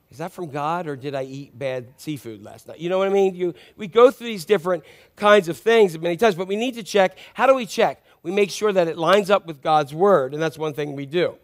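A man with a high-pitched voice gives a sermon. He keeps it conversational and checks in with his listeners through frequent questions. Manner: conversational, asks the congregation questions. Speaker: pastor.

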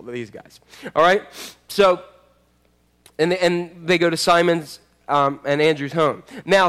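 A man preaching a sermon as pastor, animated and acting out the voices of people in the story. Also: on the high side.

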